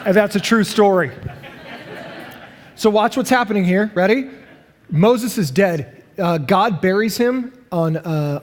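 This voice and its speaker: High-voiced animated pastor preaching. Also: male voice. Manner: animated, acts out quoted voices. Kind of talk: sermon. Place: church sanctuary. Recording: long hall reverb.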